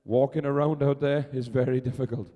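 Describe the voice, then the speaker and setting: Male arena announcer, mellow voice with long PA reverb, brisk and chatty live race calls. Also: mid-range voice, steady tone. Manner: brisk, chatty, urging and teasing. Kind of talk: live sports commentary over a public address.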